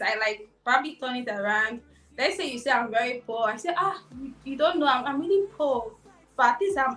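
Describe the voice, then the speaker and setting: A woman's voice: sits high, fairly bright tone. A woman streamer speaking as a podcast guest, earnest and reflective, recorded on a distant, echoey mic with faint music underneath. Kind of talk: live podcast conversation.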